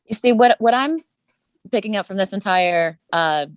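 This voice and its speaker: A woman's voice: mid-range voice, normal speed, no room sound. A woman hosting a live podcast panel, friendly and laughing often. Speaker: podcast host and moderator.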